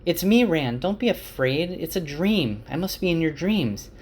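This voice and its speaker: A man's voice: mid-range voice, expressive, unhurried, a little mellow, a little hiss or hum, voice pushed up, natural voice. A man voicing a stubborn, determined young woman in a raised voice. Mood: reassuring.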